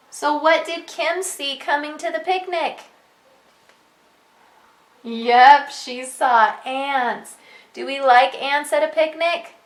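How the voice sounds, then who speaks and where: Woman, preschool teacher, very slow sing-song encouraging delivery, echoey room. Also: a little high. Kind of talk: online preschool reading lesson.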